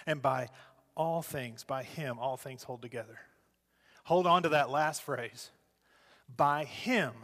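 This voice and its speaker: A man preaching a sermon as a pastor, moving between loud urging and soft, slow phrases. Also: fairly high pitch, in a large hall.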